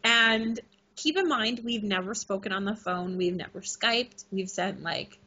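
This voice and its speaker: A middle-aged woman telling an excited story in a casual interview, laughing often. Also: medium pitch, unhurried, husky. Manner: animated, laughing, gushing. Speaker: guest. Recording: muffled lo-fi recording.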